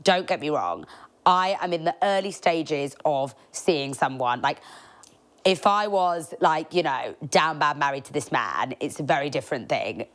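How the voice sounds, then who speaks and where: A woman's voice: low voice, lively intonation, measured pace. A woman, telling cheeky stories as a podcast host, chatty and laughing often. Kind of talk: casual storytelling monologue.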